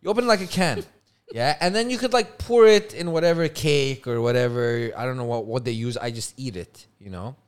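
A young man co-hosting a podcast in casual chat, telling stories with lots of swearing and loud, high outbursts. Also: fairly quick, smooth. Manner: animated storytelling, swears freely, jumps into loud high outbursts. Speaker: podcast co-host.

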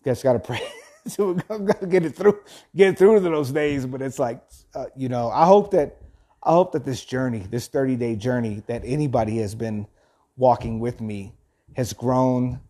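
A man's voice: medium pitch, moderate pace, warm tone. A man reading a passage aloud and then giving an earnest motivational talk, often repeating and restarting his phrases. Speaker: host of a thirty-day motivational journey.

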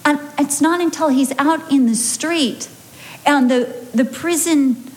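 An American woman pastor preaching a sermon, telling a personal story with lively acted-out quotes. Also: high voice, slow pace. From United States.

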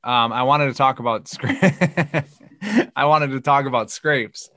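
A man hosting a podcast in a relaxed way, asking questions with easy chuckles. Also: medium pitch, unhurried, no room sound, clean studio sound. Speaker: podcast host. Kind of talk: casual podcast chat.

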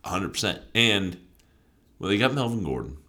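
A man's voice: fairly low pitch, very animated, pushed and bright. A man co-hosting casual sports chat, joking as he makes his picks. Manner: joking, quick, playful. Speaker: co-host of a sports podcast.

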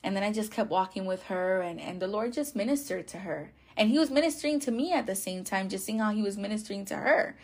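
A woman hosts a podcast and tells a personal faith story in loose, chatty talk. She laughs often and fills her sentences with fillers and restarts, and her pitch sits in a middle range. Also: fast, hardly any pauses, a little mellow. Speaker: podcast host. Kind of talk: casual faith testimony.

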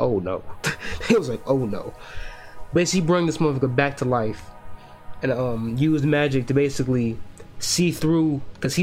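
A young adult man hosting a podcast, giving a loose, profane, slangy and excitable film breakdown in a casual monologue. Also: medium pitch. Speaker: podcast host.

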